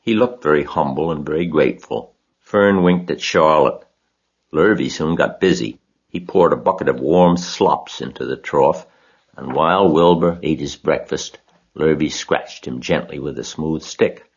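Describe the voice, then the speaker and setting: A man with a husky voice reading a children's story aloud as narrator. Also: rumbling low, unhurried, muffled recording.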